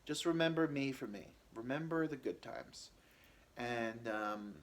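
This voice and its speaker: A man telling a personal story on his podcast in a halting, rambling way, with many fillers and restarts. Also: medium pitch.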